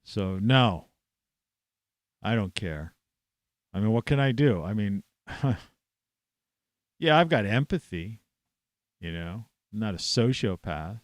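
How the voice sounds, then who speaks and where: A man's voice: fairly low pitch, animated, takes it slowly, long pauses, no echo, clean studio sound. A man at home, ranting scornfully to camera with plenty of swearing. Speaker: vlogger. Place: at home, indoors in an old house.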